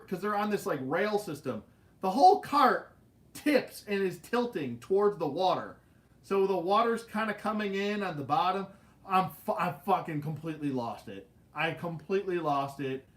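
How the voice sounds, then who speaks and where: A man hosting a casual livestream, telling stories in an animated way with laughs and swearing. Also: high-pitched, moderate pace. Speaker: livestream host. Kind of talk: casual storytelling chat.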